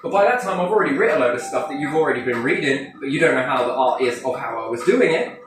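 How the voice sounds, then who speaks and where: Man, animated cheeky talker, lively pitch, mic far off in an echoey room. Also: quick pace, faint music behind. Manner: animated, cheeky, swears freely, acts out quotes. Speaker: speaker addressing a group. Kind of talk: playful, rambling monologue. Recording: echoey room, distant mic, faint noise.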